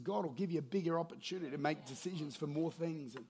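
A man preaching a sermon as pastor, with lively storytelling that builds to shouted calls and then drops low and quiet. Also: fairly quick, slightly rough.

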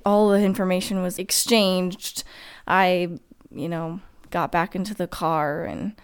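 A young woman telling a personal story to her viewers, emotional and halting, with many restarts and fillers. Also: fairly low pitch, fairly even intonation, clean tone.

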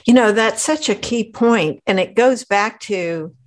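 Slow, measured woman interviewer. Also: medium pitch. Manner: measured and reflective, with thoughtful prompts. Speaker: interview host. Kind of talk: interview questions.

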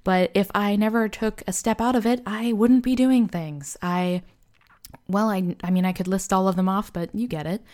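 A woman's voice: medium pitch, fairly even intonation, normal speed, a little mellow. A young woman hosting a casual motivational podcast, talking candidly and loosely with lots of "like" and "you know". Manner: candid and self-deprecating. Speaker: podcast host.

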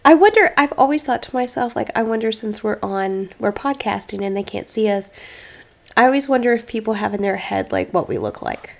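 A woman's voice: fairly high pitch, sing-song, fairly quick, gravelly. A woman co-hosting a podcast in casual chat, playful and teasing, with dramatic little asides. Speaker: podcast co-host.

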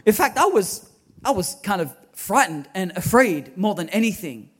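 Aussie pastor guy in his 30s, high voice, lively storytelling sermon. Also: moderate pace, slightly rough. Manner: animated storytelling with quoted dialogue and laughter. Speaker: lead pastor.

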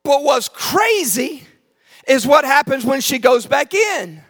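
A man preaching a sermon, telling the story with animated acted-out voices, swinging from shouts to quiet asides. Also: takes it slowly, big-room sound. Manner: animated storytelling, acting out voices, shouting then dropping low. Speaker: pastor.

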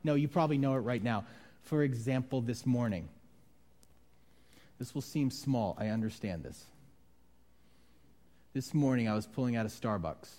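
A man preaching a sermon in a mellow, warm voice. He talks to the congregation conversationally and breaks into sudden loud, high outbursts when he acts out voices. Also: normal speed, pauses often. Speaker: pastor.

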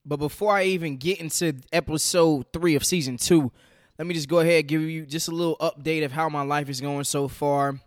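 A man's voice: on the high side, fairly even intonation, a little fast, no room sound, studio quality. A young man from the United States hosting a casual solo podcast from his home kitchen, chatty and full of "man" and "you know". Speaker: podcast host.

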